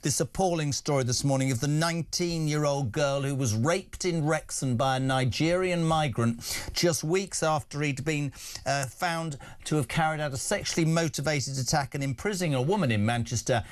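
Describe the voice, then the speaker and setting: A man's voice: fairly high pitch, moderate pace. A man hosting a breakfast talk show, speaking in an indignant, emphatic way as he gives his opinions. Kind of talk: opinionated radio debate.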